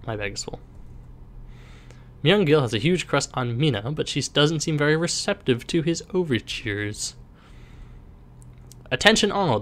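A man's voice: medium pitch, fairly bright tone. A man commenting on a horror game he plays, reading its dialogue aloud with playful voices and wry jokes. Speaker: gaming commentator.

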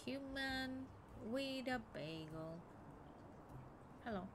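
A woman streaming a video game, chatting excitedly, swearing and talking to the characters on screen. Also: high-pitched, drawn-out words, background noise. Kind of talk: casual game commentary.

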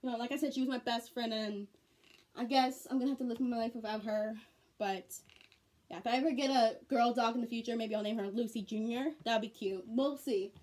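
High-voiced teen girl vlogging. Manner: rambling, repeats herself, fond and earnest. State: tearful, on the verge of crying. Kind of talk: casual vlog chat.

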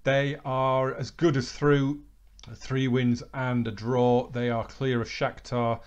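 A man hosting a football management game let's play, calling the action with bursts of excitement, then talking calmly through results. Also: mid-range voice, slow pace, clear, resonant tone, highs cut off. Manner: excitable match commentary, relaxed recap. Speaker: gaming channel host.

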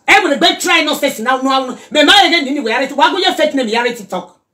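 Animated high-voiced Nigerian woman. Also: fast. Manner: animated, mixes pidgin and Yoruba, scolding asides. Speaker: social media commentator. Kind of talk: casual reaction chat.

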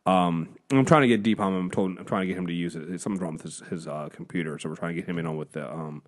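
A man's voice: low voice, very fast. A man hosting a podcast in casual chat, rambling, swearing freely and laughing often. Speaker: podcast host.

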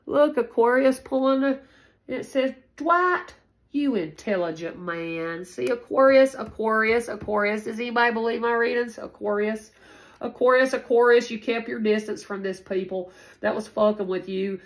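A woman's voice: on the high side, fairly even intonation, moderate pace, rough recording. A woman giving a casual spoken tarot reading, rambling and repeating herself, with frequent swearing. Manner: rambling, repetitive and profane. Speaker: tarot reader.

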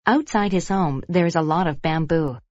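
A woman reading example sentences and a short story for a vocabulary lesson in clear, measured narration. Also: fairly low pitch, a little mellow, no echo, highs cut off.

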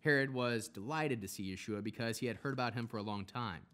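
Male scripture reader, plain mid voice, steady delivery. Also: medium pitch, fast. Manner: steady reading, occasional self-corrections. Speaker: Bible reader. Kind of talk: reading scripture aloud with character voices.

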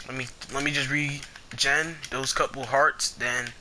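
A young man giving casual gameplay commentary, excitable and foul-mouthed, trash-talking the players he fights. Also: mid-range voice, a little slow, a little hiss or hum. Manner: excitable, swears a lot, trash-talks opponents.

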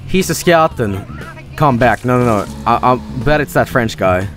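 A man's voice: mid-range voice, expressive, normal speed, a bit bright, soft background music. A man with a Swedish accent, a native Swedish speaker, giving rambling, joking commentary over a game stream and swearing freely.

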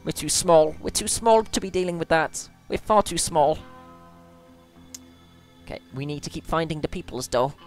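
A woman's voice: deep voice, normal speed, long pauses, faint music behind. A woman commentating over gameplay in a chatty, playful way, often breaking into panicked squeals. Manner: excitable, squeals and panics during play; chatty, playful self-mockery. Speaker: let's play gamer.

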